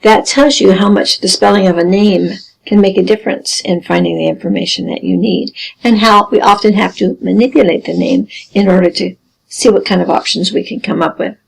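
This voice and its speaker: A woman teaching a genealogy lesson, explaining carefully with dry deadpan humor. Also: mid-range voice, a little fast, creaky, slightly rough, low-quality recording. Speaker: genealogy instructor. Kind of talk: recorded lesson over slides.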